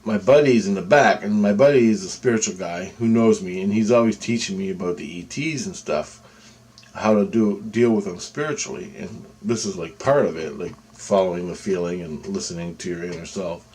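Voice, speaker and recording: A man's voice: low-pitched, brisk, slightly rough. Rambling man telling a story. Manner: rambling, animated, acts out quotes with fillers and restarts. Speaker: vlogger telling personal experiences. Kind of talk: casual storytelling.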